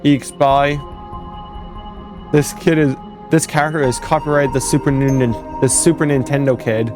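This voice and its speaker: A man's voice: medium pitch, flat delivery, normal speed. Rambling young man over faint music. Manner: rambling, self-correcting, laughs at own jokes. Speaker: fan game developer. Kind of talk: casual commentary over gameplay footage.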